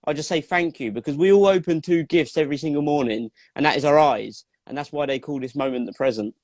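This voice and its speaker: A man's voice: fairly high pitch, fast talker, a little mellow, no room sound, clean studio sound. A man hosting a casual chat, speaking candidly and personally, with frequent "like" fillers. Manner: candid, personal, uses "like" often. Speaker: host.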